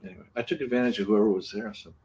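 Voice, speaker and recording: A man's voice: on the low side, racing, a little mellow, husky. A man, a former animator, talking casually in an interview and rambling with restarts. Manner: rambling, many restarts and fillers.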